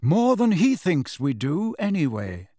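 Man voicing a wry calm teacher type, bit higher, dry audiobook sound. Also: a little slow, no room sound. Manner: wry, quietly satisfied. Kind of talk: audiobook character voice.

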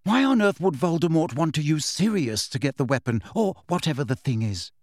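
A man's voice: on the high side, sing-song, a little fast, a little mellow, no room sound, studio quality, pitched above the performer's own voice. A man voicing a frightened, bookish teenage witch who pleads and reasons, in an audiobook reading. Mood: anxious, reasoning.

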